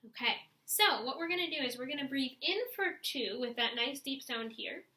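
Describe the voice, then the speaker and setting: A young woman teaching saxophone students to stretch and breathe, guiding them step by step and showing sighs and deep breaths herself. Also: lively intonation, normal speed, sharp tone, echoey room. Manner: encouraging, demonstrates breaths and sighs. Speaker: music teacher. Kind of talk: instructional video for young students.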